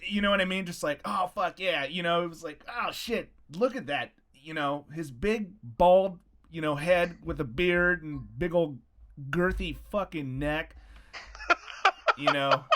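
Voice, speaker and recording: A man's voice: a little high, unhurried. A man hosting a podcast, chatting casually, joking and swearing with a friend. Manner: joking, swearing, lively, trails off. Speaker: podcast host. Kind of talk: casual chat.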